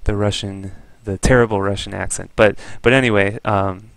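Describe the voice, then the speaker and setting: Guy going over a go game, relaxed and explaining, lowish voice, dry. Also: normal speed, creaky, smooth, no room sound. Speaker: Go teacher reviewing a game. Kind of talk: game review commentary.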